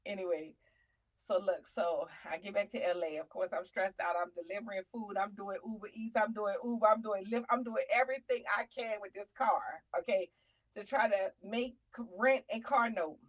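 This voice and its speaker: A woman with a New York accent, telling a lively faith story on a talk show, dropping to murmurs and rising to loud cries. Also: moderate pace, muffled recording. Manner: animated testimony, swinging from low murmurs to loud cries. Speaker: guest.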